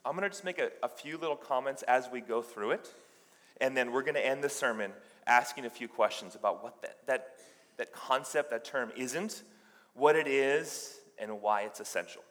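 A man's voice: medium pitch, moderate pace, fairly bright tone. A male pastor giving a sermon, telling a story conversationally and often restarting his sentences. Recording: long reverb in a large hall.

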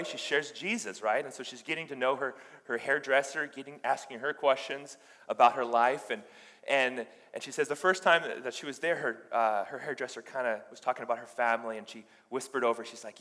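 In a large hall with long reverb, a male pastor gives a sermon, relating a story conversationally. His voice is mid-range and fairly bright, and he frequently starts his sentences over.

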